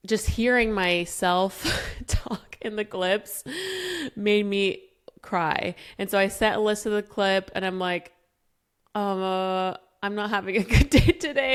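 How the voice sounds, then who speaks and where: A woman's voice: fairly low pitch, fairly bright tone, smooth. A young woman co-hosting a podcast, telling personal stories in a candid, emotional way and laughing often. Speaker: podcast co-host. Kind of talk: casual chat.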